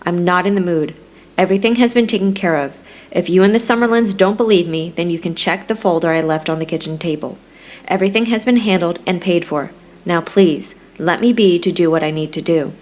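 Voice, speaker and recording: A woman's voice: on the low side, a little fast, darkish tone, close to an everyday voice. A woman reading the lines of a curt, sarcastic young widower in an audiobook.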